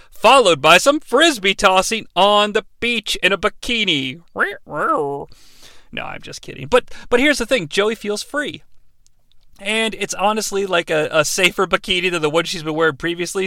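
A man's voice: high voice, expressive, moderate pace, pushed and bright, dry recording. A man hosting a podcast, recapping an episode with sarcastic, profane asides. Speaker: podcast host.

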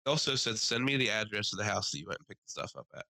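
A man telling a story in casual podcast chat, animated, acting out the people he quotes. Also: rapid-fire, gravelly, no room sound, poor audio. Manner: animated, acts out quoted people in higher voices. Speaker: podcast co-host.

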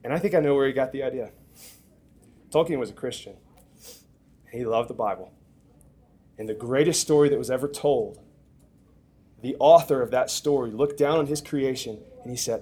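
A young man preaching a sermon, telling a story with animated swings from loud excitement to hushed intensity. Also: medium pitch, normal speed, long pauses, breathy edge.

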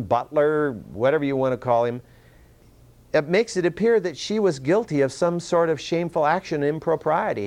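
A man teaching through a Bible passage verse by verse, earnest and conversational, often repeating himself and restarting phrases. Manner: earnest, repeats words and restarts, rises in pitch for emphasis.

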